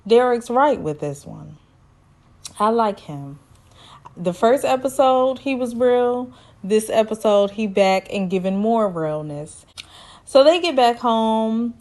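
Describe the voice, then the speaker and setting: A woman's voice: fairly high pitch, lively intonation, takes it slowly, a little mellow. A woman vlogger giving sassy, teasing commentary in a casual TV recap.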